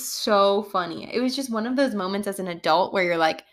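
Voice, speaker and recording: A woman schoolteacher telling classroom stories on a casual podcast. She talks in an animated way, laughs often and keeps exclaiming "oh my goodness.". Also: medium pitch, brisk, few pauses.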